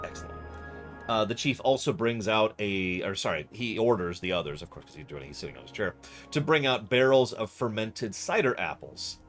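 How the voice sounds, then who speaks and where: Brief: male GM for an online tabletop game, low animated voice, chatty. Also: fairly quick, faint music behind. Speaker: game master.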